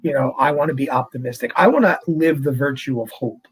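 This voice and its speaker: A man's voice: medium pitch, a little fast, a little hiss or hum, rough recording. A middle-aged man, a priest, talking earnestly and reflectively in short phrases during an interview. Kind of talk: conversational interview.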